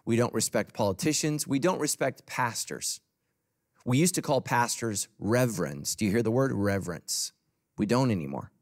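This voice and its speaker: A man preaching a sermon as pastor to a congregation in a church. He talks emphatically, swinging between loud, punchy lines and soft, low asides. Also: animated, moderate pace.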